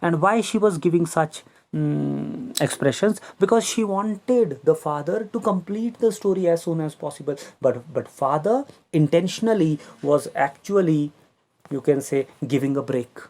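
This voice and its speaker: A man's voice: fairly high pitch, expressive, unhurried, a little mellow. A man teaching a literature lesson. He reads story passages aloud and then explains them phrase by phrase, with fillers.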